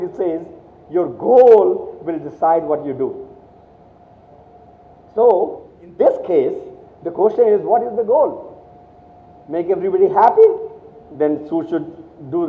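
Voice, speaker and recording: Man speaking in a tinny echoing hall. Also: high-pitched. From India. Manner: storytelling with quoted dialogue, many restarts. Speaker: guest speaker. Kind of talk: motivational talk to students. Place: college hall. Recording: tinny, echoey hall sound.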